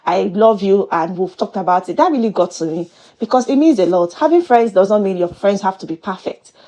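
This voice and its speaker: A woman's voice: mid-range voice, brisk. A woman giving a chatty, playful recap of a reality show. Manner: chatty and animated, with playful exclamations. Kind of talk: casual gossip commentary.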